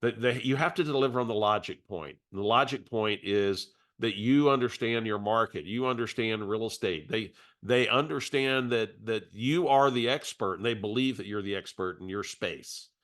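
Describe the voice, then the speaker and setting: A man's voice: on the low side, moderate pace, hardly any pauses, a bit bright. A middle-aged man coaching real estate agents in a webinar, talking conversationally and restarting his phrases as he tells a story. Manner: conversational, repeats words as he restarts. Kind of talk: webinar coaching talk with anecdote.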